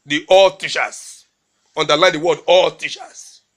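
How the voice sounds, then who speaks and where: A man's voice: a little high, fairly bright tone, close to an everyday voice. A man playing a mocking, exasperated husband. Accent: Warri Nigerian Pidgin. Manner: mocking, repeating phrases with drawn-out emphasis. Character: exasperated husband mocking his lazy wife. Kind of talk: comedy skit acting.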